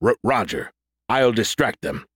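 A cocky, wisecracking male battle android, eager for a fight and full of jokes, played by a male narrator. His voice sits at an ordinary middle pitch, dry and close in an audiobook reading. He stammers now and then over his lines. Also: very animated, measured pace, creaky, fairly bright tone, husky, no echo, exaggerated voice. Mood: cocky, joking. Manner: cocky, joking banter with stammered "R-, Roger".

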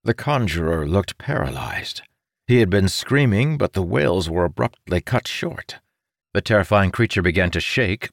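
Low-voiced man reading dramatic fantasy. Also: creaky, no echo, studio quality. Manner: dramatic reading, voicing characters' shouts. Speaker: audiobook narrator. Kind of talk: scripted fantasy narration.

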